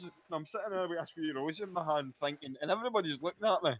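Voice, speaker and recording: A man's voice: a little high, quick pace, hardly any pauses, a bit bright, dry recording, lo-fi sound. Rambling man telling stories. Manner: rambling storyteller, chuckles often. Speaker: podcast co-host. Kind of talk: casual chat.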